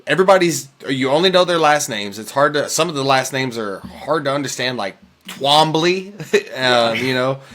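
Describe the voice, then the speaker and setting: A man in casual podcast conversation, chatty and easygoing in how he talks. His pitch sits in the middle range and his delivery is plain and conversational. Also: animated, normal speed, a bit bright. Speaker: podcast co-host. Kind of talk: casual chat.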